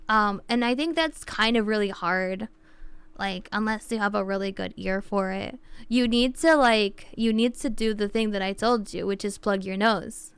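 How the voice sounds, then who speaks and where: A young woman talks casually to her live-stream viewers, wandering through explanations with constant "like"s and false starts. Her voice is very smooth and crisp, with a gravelly fry underneath. The sound is close and dry. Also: medium pitch, moderate pace, fairly bright tone, no room sound. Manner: rambling, heavy use of "like", explains with restarts.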